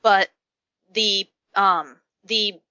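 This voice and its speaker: Young woman guest on a fan podcast, bright tone, chatty, does little voices for quotes. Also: medium pitch, fairly even intonation, drawn-out words, clean tone, no room sound. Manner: chatty storytelling, acts out quotes. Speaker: guest, convention artist. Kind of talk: casual podcast interview.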